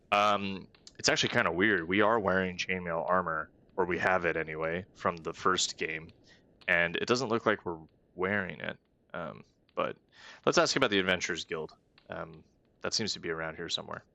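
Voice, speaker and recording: Deep-voiced man doing wry game commentary. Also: moderate pace, gravelly, pushed and bright, no room sound. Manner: chatty, wry and self-aware asides. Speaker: let's-play host.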